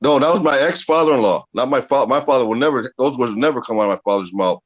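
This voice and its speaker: A man's voice: medium pitch, fast, highs cut off. A man in casual video-chat talk, telling a personal story with heavy swearing. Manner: profane, animated retelling.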